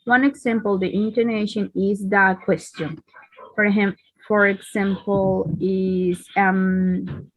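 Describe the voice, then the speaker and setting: Slow, hesitant woman student presenter. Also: mid-range voice, steady tone, dry recording, poor audio. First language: Spanish. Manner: hesitant reading with fillers. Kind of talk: reading a class presentation.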